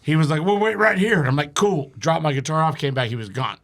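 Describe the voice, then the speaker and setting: A man with a gravelly, slightly high voice tells a long, rambling story on a podcast. He swears freely and laughs along as he talks. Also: fast talker, a bit bright. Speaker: podcast guest. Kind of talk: casual storytelling.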